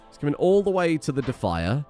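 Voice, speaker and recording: Animated, cursing game commentator man. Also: on the high side, brisk, faint music behind. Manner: animated, swearing, joking asides to the colonists. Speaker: gameplay commentator. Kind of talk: let's play commentary.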